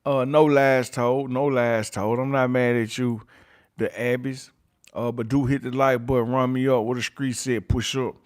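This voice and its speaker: Guy hosting a youtube live, mid voice, keeps repeating catchphrases, reads the chat out loud. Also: mid-range voice, flat delivery, normal speed. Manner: repeats catchphrases, reads chat names aloud, chuckles often. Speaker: YouTube channel host. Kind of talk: livestream chat with viewers.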